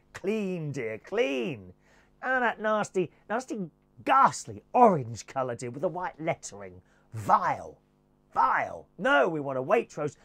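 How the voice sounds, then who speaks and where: A man's voice: fairly high pitch, a bit bright. A man giving a camp, theatrical comic monologue, slipping into posh and working-class voices. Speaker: comedy presenter.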